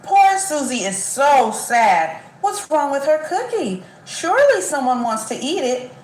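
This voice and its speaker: A woman's voice: sits high, sing-song, a little slow, darkish tone, slight background noise. A woman narrating a playful rhyming story. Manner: playful, sing-song. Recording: roomy echo.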